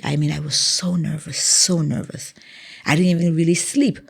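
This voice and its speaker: A Bahamian former track athlete, appearing as an interview guest, recounts stories from her running career at a moderate pace. Her fairly low voice carries a gravelly fry and a husky, breathy edge, and she animatedly acts out the dialogue.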